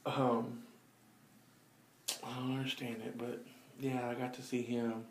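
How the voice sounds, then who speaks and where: A man's voice: medium pitch, flat delivery, unhurried, a little hiss or hum. A sleepy young man, rambling through a casual video diary with lots of fillers. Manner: drawling, rambling, laid-back with fillers. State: sleepy, yawning. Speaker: vlogger.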